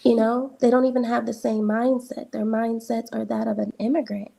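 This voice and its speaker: A woman speaks in a firm, measured way as she gives her views. Her voice is gravelly and husky, with a dark, mellow tone. It sits a little higher than most women's voices. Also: level tone. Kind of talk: opinionated commentary.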